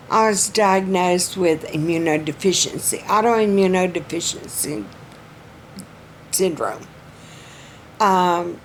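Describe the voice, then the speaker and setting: A middle-aged woman with a Southern US accent gives a casual personal update on her vlog in a folksy, chatty way, pausing often, her throat strained. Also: lowish voice, slight background noise. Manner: slow, folksy and chatty, with pauses and restarts. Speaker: vlogger.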